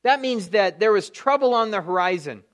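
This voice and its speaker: A man's voice: high voice, lively intonation, moderate pace. A man, a pastor, teaching verse by verse through a Bible passage in a conversational way, thinking aloud with fillers and restarts.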